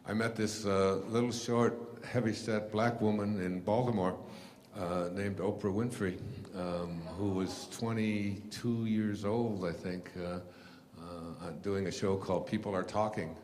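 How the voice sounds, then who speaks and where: A man telling stories to an audience in a rambling, halting way, with many fillers and restarts. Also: on the low side, fairly even intonation, a little mellow, long reverb tail. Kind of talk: storytelling lecture.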